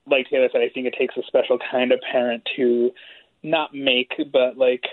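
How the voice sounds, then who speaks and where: A man's voice: mid-range voice, normal speed, no echo. A man, father of a ten-year-old, chatting casually on a podcast panel, rambling with lots of fillers. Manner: relaxed, rambling with many fillers. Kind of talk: casual chat. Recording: tinny phone-like line.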